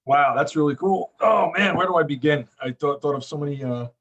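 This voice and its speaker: A man on a podcast panel chatting casually, eager and trailing off softly. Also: on the high side, brisk, muffled recording. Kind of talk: casual chat.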